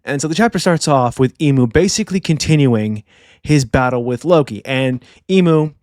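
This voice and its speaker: A young man hosting a casual manga review channel, animated and slangy, doing voices for characters. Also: medium pitch, moderate pace, no room sound, clean studio sound. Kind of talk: casual video commentary.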